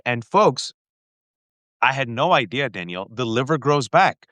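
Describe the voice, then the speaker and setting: A man's voice: medium pitch, animated, sharp tone, no room sound. Earnest man telling a family story. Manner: earnest, halting, with restarts and frequent direct address. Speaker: guest. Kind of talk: emotional personal storytelling in an interview.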